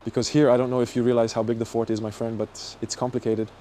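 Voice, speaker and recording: A man narrating an exploration vlog as he guides viewers around, talking in an excitable, exclamatory way. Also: mid-range voice, quick pace, soft background music. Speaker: urban explorer vlogger.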